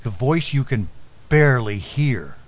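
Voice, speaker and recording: A middle-aged man preaching a sermon, telling a personal story and dropping to a soft, low voice on key lines. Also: lively intonation, measured pace, poor audio. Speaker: pastor.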